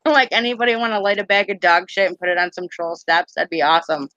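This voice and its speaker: A woman's voice: mid-range voice, a bit bright, no room sound, highs cut off. A woman hosting a casual live stream chat, giggly and rambling, full of "like".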